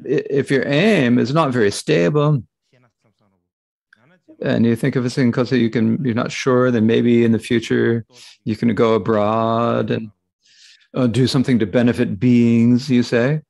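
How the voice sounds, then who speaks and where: A man interpreting a Buddhist Dharma talk aloud, halting, with frequent restarts and fillers. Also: medium pitch, creaky, a little mellow.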